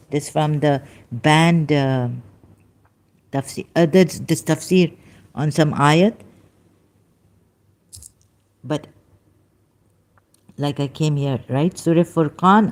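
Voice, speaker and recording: A woman hosting her own channel, reading passages aloud in halting, self-correcting casual commentary. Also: low-pitched, darkish tone. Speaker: solo channel host.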